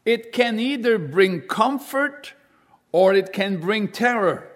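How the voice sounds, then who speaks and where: A man preaching a sermon, reading scripture aloud and explaining it slowly and deliberately. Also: high-pitched, animated, a bit bright.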